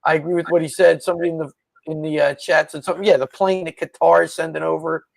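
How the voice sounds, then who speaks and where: Gravelly, laid-back man in dry sound. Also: on the high side, level tone, quick pace, dry recording, poor audio. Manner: laid-back, agreeable, laughs along. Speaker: podcast co-host. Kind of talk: casual political chat.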